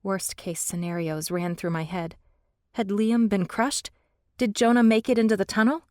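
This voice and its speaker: A woman narrating a fantasy audiobook in the first person, steady and measured, on a close studio mic. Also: medium pitch, dry recording.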